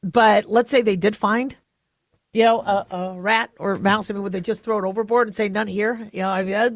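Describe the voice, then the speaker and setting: A woman's voice: mid-range voice, fairly even intonation, a little fast, no room sound, studio quality. A woman hosting a talk radio show, explaining medical news in a chatty way with many fillers and restarts.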